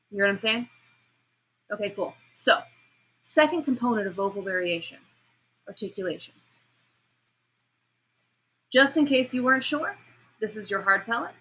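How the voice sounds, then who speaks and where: A woman lecturing a class on vocal delivery, asking students questions and demonstrating sounds, pace and pauses herself. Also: medium pitch, animated, bright, forceful tone, slightly rough, poor audio. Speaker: speech instructor.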